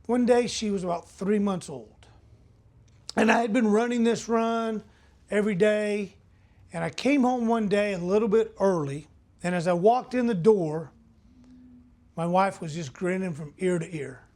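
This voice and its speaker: A man's voice: high-pitched, measured pace, pauses often, darkish tone. A man speaking as a motivational speaker, telling a personal story earnestly and asking the audience direct questions.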